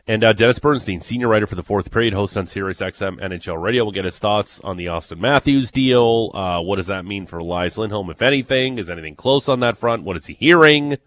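A man's voice: lowish voice, quick pace, few pauses, a bit bright. A man hosting a sports radio show, chatting casually and reading promos and previews. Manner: upbeat, reads promos and previews.

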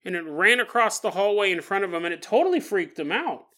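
A man's voice: sits high, very animated, fast, pushed and bright. A man hosting a paranormal storytelling podcast, chatty and laughing often as he tells the tale. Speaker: podcast host.

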